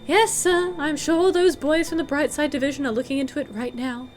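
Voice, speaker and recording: A woman's voice: sits high, fairly even intonation, a little fast, faint music behind, pitched above the performer's own voice, lightly acted. A woman voicing a polite male train guard who keeps saying sir, in a game play-through. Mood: dutiful. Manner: formal, calls everyone sir.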